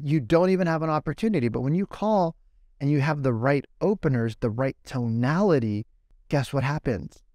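A middle-aged man coaching on how to talk with clients, his voice sitting at an ordinary middle pitch. He drives his points with strings of rhetorical questions and slips into quoted voices to act out conversations. The sound is dry and close, with no room around it. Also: a little mellow, no room sound. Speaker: podcast guest, sales communication coach.

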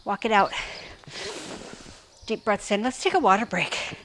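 A woman fitness coach leading a workout, counting reps and giving form cues, out of breath and breathy between sets. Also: medium pitch, lively intonation, a little slow, a bit bright, slight background noise.

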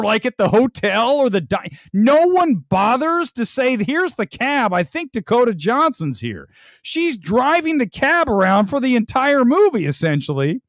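A man's voice: very high voice, no room sound. A male host ranting about a movie on a live stream, mocking it and laughing often as he talks. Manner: animated, mocking, laughs a lot while ranting.

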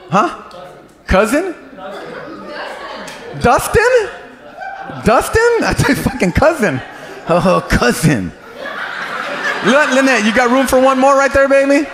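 A male stand-up comedian doing crude crowd work in a club, loud and teasing and often breaking into laughter. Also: extremely high pitch. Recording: noisy live club.

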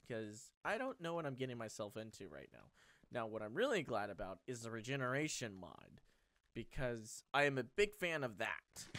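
Let's Play host, male, animated delivery with big pitch swings; mutters low, then yelps with excitement; casual swearing. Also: no room sound. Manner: excitable, swears, thinks aloud. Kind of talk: gameplay commentary.

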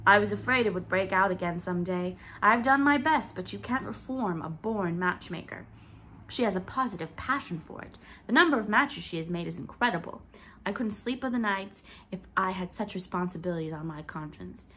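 A woman's voice: medium pitch, animated, normal speed, a bit bright, a little hiss or hum, close to an everyday voice. A woman reading a teasing, good-humored husband.

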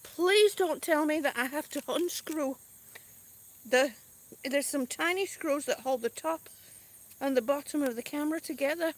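A middle-aged woman vlogs from a grassy spot outside, her high voice moving at a moderate pace in casual live-stream chat. She's talkative but a bit exasperated, letting out sighs, with crickets and passing cars in the background.

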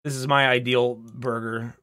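A man streaming a game, talking casually to his chat and to a friend, excitable and profane, swinging from loud outbursts to low mutters. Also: a little slow. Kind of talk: casual gaming commentary. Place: home streaming setup with green screen.

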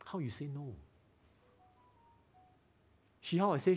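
A man preaching a lively sermon in Singaporean English, firing rhetorical questions and teasing members of the congregation by name. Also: a little high, slow, husky. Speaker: pastor. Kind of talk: live sermon. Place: church hall.

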